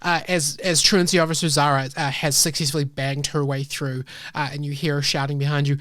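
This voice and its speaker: A game master narrating a tabletop game in a relaxed, casual way. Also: mid-range voice, fairly quick, dry recording, studio quality.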